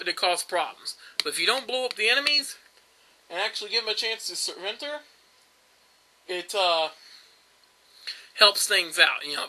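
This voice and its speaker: Young male let's-play host, high bright voice, chatty and rambling, faint hiss behind. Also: rough recording. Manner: rambling, chatty, with frequent fillers and restarts. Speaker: gameplay commentator. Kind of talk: casual let's-play commentary.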